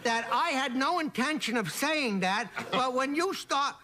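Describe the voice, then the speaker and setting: An older man with a New York accent tells a joke, his voice bright and forceful and swinging widely up and down. He slips into character voices as he goes. A faint hiss runs under the old TV broadcast. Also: very high voice, lively intonation, a little slow. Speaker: comedian guest. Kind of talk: joke-telling chat.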